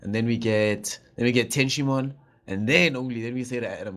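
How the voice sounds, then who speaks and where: A man's voice: mid-range voice, a little fast, fairly bright tone, a little hiss or hum. A man co-hosting a casual gaming podcast, joking around with slang and laughing often. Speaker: podcast co-host.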